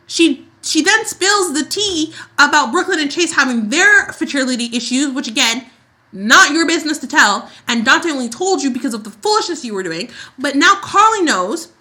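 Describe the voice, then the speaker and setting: A woman with a fairly high, bright, forceful voice, ranting in casual chat. She co-hosts a soap opera podcast. She acts out quoted lines as she goes. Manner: animated ranting with acted-out quotes. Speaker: podcast co-host.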